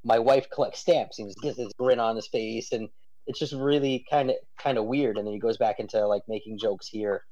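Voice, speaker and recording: A man's voice: lowish voice, fairly even intonation, brisk, dark tone, muffled recording. A man talks casually as a guest on a comics podcast, tossing out theories about the story. He laughs easily and keeps a loose, conversational tone. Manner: chatty, laughs often, speculative. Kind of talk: casual comic book discussion.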